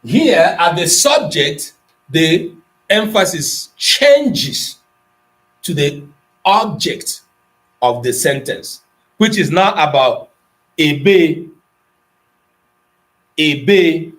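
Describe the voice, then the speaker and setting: A middle-aged Nigerian man with an Igbo accent teaches a language class, slipping between Igbo and English. His voice sits a little high for a man, and he explains things patiently, stopping to check in with his students. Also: animated, very slow, pauses often, fairly bright tone, poor audio. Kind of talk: online class lesson, mixing Igbo and English.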